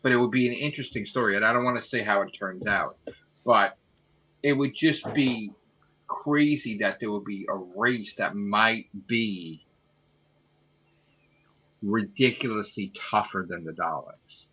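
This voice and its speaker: A man co-hosting a casual streamed podcast, pitching a story idea with excitable, profane energy and a habit of checking in with "right?" after each point. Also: a little slow, pauses often, highs cut off, slight background noise. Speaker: podcast co-host.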